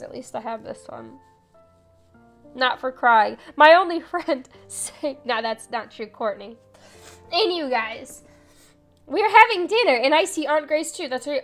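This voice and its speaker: Woman gamer, high voice, chatty live commentary, sudden shrieks, faint game music behind. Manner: chatty and excitable, jumps to loud yelps and shouts. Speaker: streamer playing a horror game. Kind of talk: live let's play commentary, reading game text aloud.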